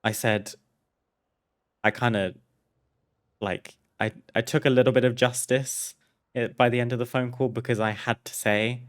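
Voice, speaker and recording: A man's voice: medium pitch, fairly even intonation, moderate pace, long pauses, clear, resonant tone. A man streaming a game, chatting casually and candidly as he tells a personal story, laughing and swearing freely. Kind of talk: casual storytelling over gameplay.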